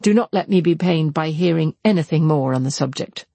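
A man reading aloud and voicing a composed young woman who speaks in a measured, formal, cool way. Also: on the high side, warm tone, no echo. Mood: cool reproach. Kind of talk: audiobook character voice.

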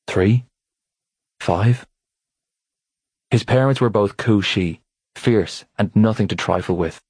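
Man, audiobook narrator, very low voice, husky, dry close studio sound. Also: a little mellow, dry recording. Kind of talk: scripted narration.

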